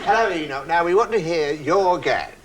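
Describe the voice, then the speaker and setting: A man impersonating a chummy, middle-aged male British game show host with a British accent, bantering briskly in an old TV sketch over loud audience laughter. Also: fairly high pitch, expressive, very noisy, natural voice. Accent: British English. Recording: archive TV broadcast, loud audience.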